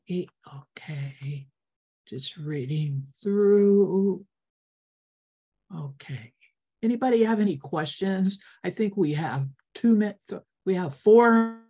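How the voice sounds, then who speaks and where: A woman's voice: lowish voice, expressive, slow, pauses often, warm tone. An older woman giving a heartfelt, encouraging talk to an online meditation group over a video call, earnest and repeating herself for emphasis. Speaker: guest speaker.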